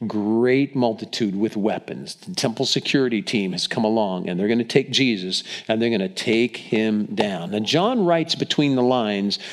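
A man with a lowish voice preaches a sermon at normal speed with few pauses. He retells scripture vividly as a story, acting out quotes in different voices, though he often stumbles into restarts and repetitions.

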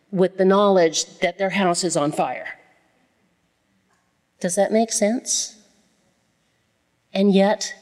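A woman with a fairly low voice leads a Bible study in a relaxed, conversational tone. She repeats her phrases to drive a point home and slows right down on the lines that matter. Her voice carries a long reverb, like a hall.

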